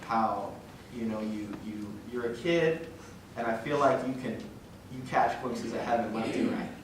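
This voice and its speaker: In an unhurried, mid-range voice, a young man speaks as a guest at a parish talk, sharing his faith earnestly and emotionally. He rambles, restarts, and chuckles, picked up from a distance in a very echoey, noisy hall.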